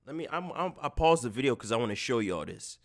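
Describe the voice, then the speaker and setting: A man's voice: medium pitch, fast talker. A man streaming live, reacting to clips and mocking them to his chat in casual talk. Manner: animated, mocking, talks to chat.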